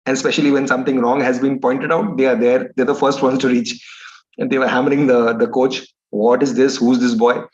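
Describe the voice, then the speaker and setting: A man's voice: medium pitch, flat delivery, fast. A man with an Indian English accent giving a motivational talk, telling an anecdote in a rambling, conversational way. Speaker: motivational speaker. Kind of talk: storytelling lecture. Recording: dull lo-fi recording.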